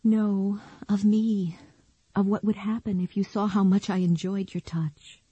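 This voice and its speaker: A woman voicing a hurt, breathy woman. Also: mid-range voice, little pitch movement, a little slow, dark tone, dry recording, muffled recording, voice pushed up. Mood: tender. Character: hurt, vulnerable grown woman in love.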